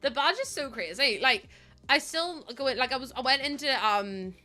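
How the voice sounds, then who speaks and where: A woman's voice: high voice, animated, moderate pace, sharp tone, soft background music. An Irish woman streaming a game and chatting casually, rambling, giggling often and swearing offhand. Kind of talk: casual live-stream chat while playing.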